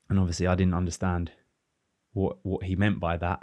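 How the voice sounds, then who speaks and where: Low flat-voiced man, thoughtful podcast guest. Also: fairly quick, dry recording, studio quality. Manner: reflective, rambling with restarts and fillers. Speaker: former professional footballer, guest. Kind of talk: casual podcast conversation.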